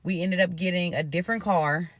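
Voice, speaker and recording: A woman's voice: fairly low pitch, steady tone, fairly quick, dry recording. A woman from Nebraska telling a story in a loose, profane, casual style and talking straight to her viewers. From Omaha, Nebraska.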